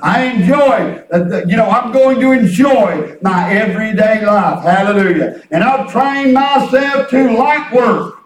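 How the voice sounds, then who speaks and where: High-voiced folksy preacher man, echoey. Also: unhurried, few pauses. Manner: folksy, repetitive preaching with storytelling. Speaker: pastor. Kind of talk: sermon. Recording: echoey room, distant mic.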